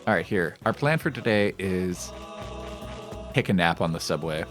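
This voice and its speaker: A man's voice: deep voice, expressive, moderate pace, over music. A male streamer giving casual, joking commentary while playing a game, rambling and reading game text aloud. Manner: repeats phrases in shifting voices.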